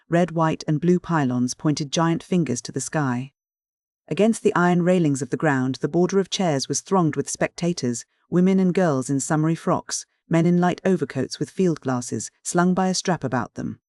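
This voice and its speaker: Brief: measured classic-novel audiobook narrator, mid pitch, dry close-miked sound. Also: a little mellow, no echo. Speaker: audiobook reader.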